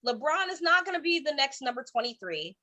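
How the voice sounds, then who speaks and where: A woman comedian in her thirties from Cleveland, telling stand-up stories online with animated voiced quotes. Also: high voice, a little fast. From Cleveland, Ohio. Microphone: streaming from home.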